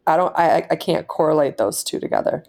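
Low-voiced woman podcast co-host. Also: animated, quick pace, gravelly, darkish tone. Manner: rambling, loosely strung retellings. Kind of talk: casual chat reviewing a TV episode.

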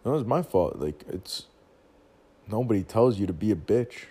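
A man's voice: lowish voice, animated, moderate pace, mellow, husky. A young man telling a long personal story as a casual rant, rambling, swearing constantly and full of slang.

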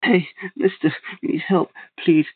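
A man's voice: sits high, moderate pace, slightly rough, pitched above the performer's own voice. A man voicing a frightened pleading boy. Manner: pleading, desperate. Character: frightened young boy begging for help. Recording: tinny phone-like sound.

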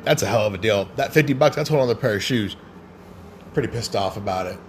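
A man's voice: fairly low pitch, lively intonation, fast, a little hiss or hum. A man hosting a casual solo podcast, rambling and swearing freely in a loose, crude way. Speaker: podcast host.

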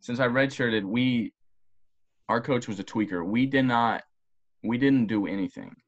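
A young man, a former college football player, telling long rambling stories in casual podcast talk, profane and animated. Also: medium pitch, unhurried, dull audio. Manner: rambling, profane, animated storytelling with voiced quotes.

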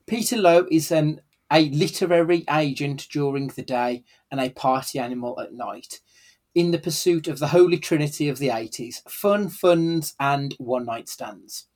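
A man co-hosting a casual film review chat, sweary and animated. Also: a little high, normal speed. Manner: sweary, animated, laughing often. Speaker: podcast co-host.

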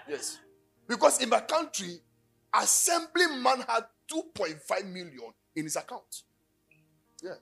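Ghanaian preacher, high and husky, animated storytelling sermon, faint music behind. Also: male voice, unhurried. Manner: storytelling, animated, joking, sudden loud bursts. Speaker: pastor.

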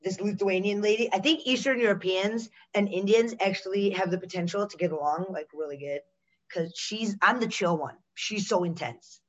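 A young woman from the United States, a comedian and actress, chatting casually on a podcast, animated and swearing, acting out quotes and laughing often. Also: mid-range voice, normal speed, highs cut off.

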